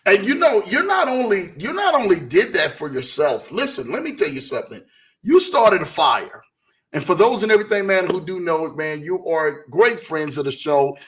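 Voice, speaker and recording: A man's voice: sits high, big pitch swings, moderate pace, fairly bright tone. A man hosting an interview show, asking long rambling questions full of fillers and cheering his guest on. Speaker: podcast host. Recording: voice distant from mic.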